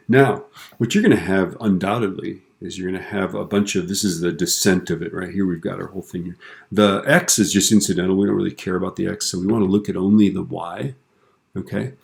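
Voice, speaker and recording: Recorded at a computer, this screen-captured software lesson comes from a man with a low-pitched, creaky voice. His manner is easygoing, sprinkled with corny jokes and tag questions.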